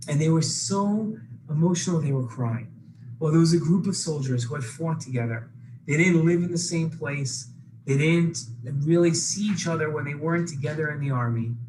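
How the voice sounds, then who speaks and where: A man narrating a children's story slowly and emphatically. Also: fairly high pitch. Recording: noisy background hiss.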